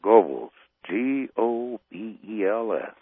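A man's voice: fairly low pitch, lively intonation, slow pace, breathy edge, no room sound. A man from North Dakota calling in to a radio show, ranting with heat and groping for his words. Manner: rambling, heated, searching for words. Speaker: radio caller. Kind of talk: phone-in rant. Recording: tinny phone line.

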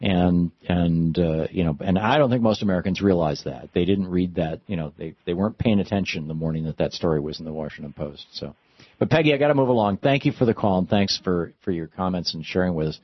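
Deep, husky-voiced male radio host. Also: animated, quick pace, no echo, muffled recording. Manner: opinionated, thoughtful, reflective. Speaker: radio talk show host. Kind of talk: call-in radio talk.

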